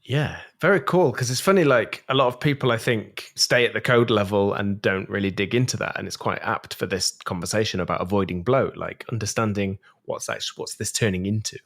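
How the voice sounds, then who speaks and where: A man's voice: fairly low pitch, brisk, creaky, few pauses, a bit bright. A man hosting a tech podcast, chatting casually and joking with his guests. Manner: playful, jokey, laughs easily. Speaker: podcast host.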